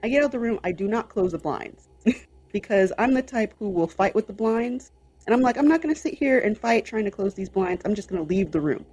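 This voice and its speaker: A young adult woman co-hosting a podcast, telling a personal story in a casual, animated way. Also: mid-range voice, a little fast, breathy edge. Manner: animated, lots of fillers and quoted inner voice. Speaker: podcast co-host.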